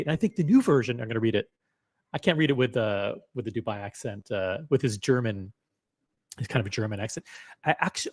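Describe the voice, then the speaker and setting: A man riffing on his own live stream in a casual, profane, joking way. His pitch sits in the middle but moves around a lot as he talks. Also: a bit bright. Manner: loose, joking, profane, reads chat aloud.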